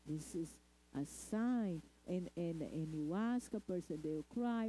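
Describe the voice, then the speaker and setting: A woman giving a lecture talk at a spiritist center, speaking deliberately and checking in with the audience. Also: on the low side, mellow, slight background noise, rough recording. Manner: deliberate, asks the audience "okay?" often.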